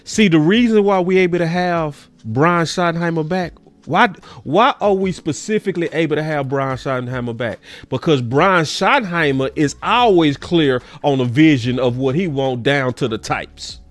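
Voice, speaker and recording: A man's voice: moderate pace, hardly any pauses, no room sound. A man hosting a sports talk show in casual commentary. He talks emphatically, repeats his points and swears. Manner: animated, jumps between low and high.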